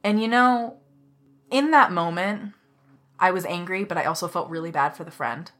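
A young woman on a casual podcast, telling a work story in a heated, animated way with plenty of swearing. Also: on the low side, moderate pace.

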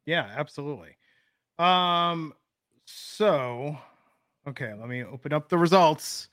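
Co-hosting a casual wrestling podcast, a man in his thirties rambles and thinks out loud, filling gaps with fillers. His voice is a little high and a bit bright, and he talks slowly. It's studio quality with no echo.

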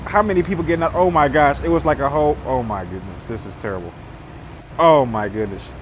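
A man's voice: medium pitch, brisk, slight background noise. A man in his thirties giving casual gameplay commentary, often exclaiming and laughing and talking to himself as he plays. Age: 30s. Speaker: gaming video host. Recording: loud game sounds behind voice.

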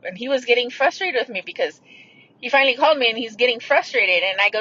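A woman's voice: on the high side, fast talker, fairly bright tone, highs cut off, a little hiss or hum. Blunt, foul-mouthed woman telling a story. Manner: blunt, profane, rambling. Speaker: podcast host. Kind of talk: casual storytelling.

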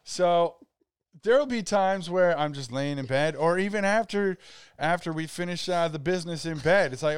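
A man's voice: on the high side, moderate pace, a little hiss or hum. A young man co-hosting a podcast, telling stories in casual chat with hesitant stammering restarts. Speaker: podcast co-host.

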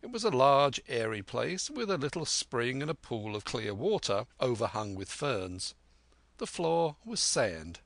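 Brief: male audiobook narrator, mid-pitched, steady, dry close-mic studio sound. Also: unhurried, dry recording. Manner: steady, clear reading. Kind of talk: scripted narration.

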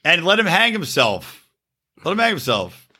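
A man with a very bright, ringing voice banters on a podcast, joking loosely and cursing as he goes. His pitch swings widely, jumping up when he gets worked up. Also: wildly swooping pitch, normal speed, slightly rough. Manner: loose, joking, swears freely. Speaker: podcast co-host.

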